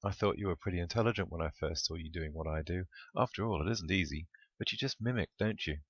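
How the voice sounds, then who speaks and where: A man's voice: sits low, fast, breathy edge, dry recording, lo-fi sound. A man voicing a sarcastic, easily irritated male sheepdog.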